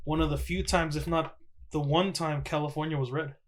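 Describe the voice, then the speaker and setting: A man's voice: on the high side, steady tone, brisk. A man co-hosting a casual podcast, joking bluntly and swearing casually. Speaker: podcast co-host.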